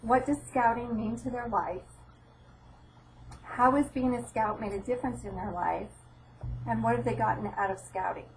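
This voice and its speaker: A woman's voice: fairly high pitch, normal speed, pauses often, recorded from a distance, slight background noise, rough recording. A middle-aged woman giving an informal training talk, telling a personal story and acting out quoted dialogue. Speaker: presenter at a training session.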